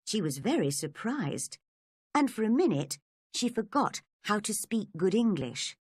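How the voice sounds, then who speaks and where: Slow, deliberate woman storyteller. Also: mid-range voice, sing-song, darkish tone, dry recording. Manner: clear, deliberate reading. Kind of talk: slow storybook narration for English learners.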